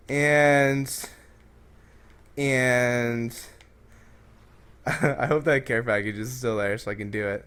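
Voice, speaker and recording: A man hosting a comedic advice vlog and shouting hyped gameplay commentary, brash and crude with constant jokes. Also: medium pitch, steady tone, slow pace, long pauses, clear, resonant tone. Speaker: YouTube host.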